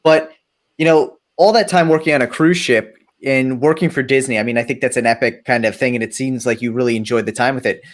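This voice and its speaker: A man's voice: medium pitch, steady tone, brisk. A man hosting a podcast, asking a guest a long, rambling question full of fillers. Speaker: podcast host. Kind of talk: casual interview.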